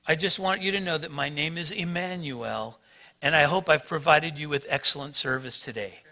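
Pastor quoting a courteous phone rep, scripted and bright. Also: male voice, fairly high pitch, normal speed. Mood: polite. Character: polite male phone support agent.

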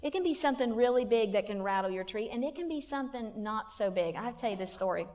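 A woman's voice: fairly high pitch, animated, quick pace, darkish tone, soft background music. A woman telling a funny personal story to a women's church conference, in a folksy, self-mocking way. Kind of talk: humorous personal testimony talk. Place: church hall. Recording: long hall reverb.

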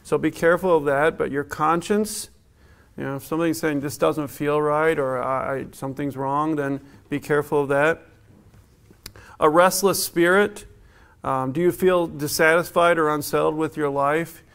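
A man's voice: fairly high pitch, steady tone, moderate pace, gravelly, fairly bright tone, clean tone. A middle-aged man preaching a sermon as a pastor in a church, in a conversational way, laughing often and acting out what people say.

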